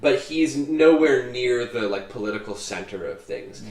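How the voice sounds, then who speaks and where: Male DM, loose and rambling, laughs a lot, mid-pitched, echoey room. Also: lively intonation, normal speed, darkish tone. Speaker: dungeon master. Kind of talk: running a tabletop game.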